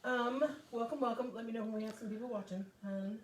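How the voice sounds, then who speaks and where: Middle-aged woman, live-stream host, chatty and rambling, slightly hoarse, faint noise behind her. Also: fairly high pitch, fairly even intonation, quick pace. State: recovering from covid, slightly hoarse. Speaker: host of a live paint demo. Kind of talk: casual live-stream chat.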